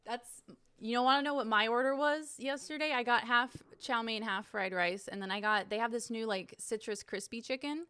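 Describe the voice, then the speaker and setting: A woman's voice: fairly high pitch, moderate pace, pushed and bright, smooth. A young woman streamer in casual chat, reading viewer messages aloud and reacting in a chatty, giggly way.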